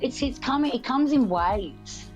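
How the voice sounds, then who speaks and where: A woman's voice: high-pitched, expressive, measured pace, dull audio. A woman chatting casually, rambling with many restarts and laughs, background music. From Australia. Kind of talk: casual chat.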